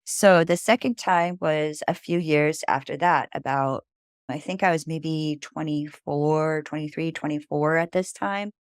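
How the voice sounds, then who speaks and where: A woman with a low voice tells a personal story as a podcast guest. She rambles casually, with lots of "like" and "you know." The sound is dry and close. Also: measured pace, smooth, no echo.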